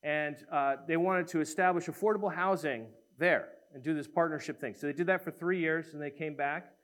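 This preacher's voice sits on the high side and moves briskly as he recounts a story from the pulpit, lively and performing the voices of the people involved.

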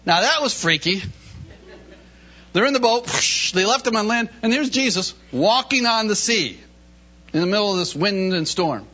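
A man preaching a sermon in an animated way, reading scripture and acting out the voices in it with laughter in between. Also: sits high, normal speed. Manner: animated, acts out Bible voices, laughs often. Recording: dull lo-fi recording.

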